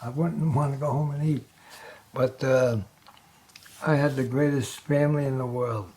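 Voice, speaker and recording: A man's voice: mid-range voice, steady tone, normal speed, dark tone. A man in his nineties telling jokes and stories as an interview guest, chuckling at his own punchlines. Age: 90s. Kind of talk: joke-telling storytelling. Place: local TV studio.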